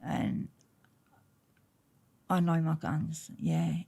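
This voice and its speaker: A woman's voice: sits low, lively intonation, drawn-out words, vocal fry, dark tone, slightly rough. A woman with an Essex accent, an interview guest telling stories bluntly and swearing freely. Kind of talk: candid casual storytelling.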